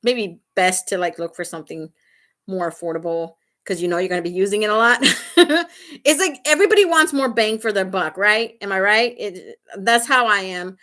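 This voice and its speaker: A woman's voice: mid-range voice, normal speed, a bit bright. Chatty woman hosting a livestream, mid-range voice, loose and rambling, keeps checking in with viewers. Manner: chatty and rambling, laughs often; talks straight to viewers, asking "right?" and "okay?". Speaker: beauty vlogger hosting a livestream. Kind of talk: casual chat during a live makeup tutorial.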